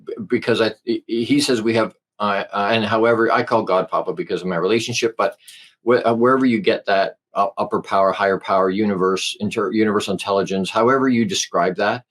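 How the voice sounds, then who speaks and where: Man, lowish voice, earnest podcast guest, halting delivery. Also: fairly even intonation, a bit bright. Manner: halting, with many restarts and fillers; earnest, spiritual storytelling. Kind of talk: casual conversation.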